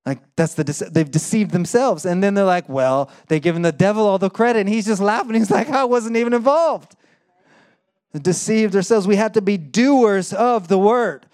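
A young adult man preaching a sermon in a conversational, animated way, full of "like" and acted-out quotes. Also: fairly quick, few pauses. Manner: animated, acts out quoted voices with sudden high bursts; conversational with frequent "like" fillers. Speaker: pastor.

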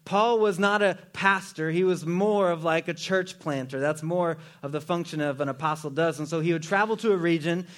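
A man preaching a sermon in a relaxed, conversational way with joking asides. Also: a little high, normal speed, few pauses. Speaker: pastor.

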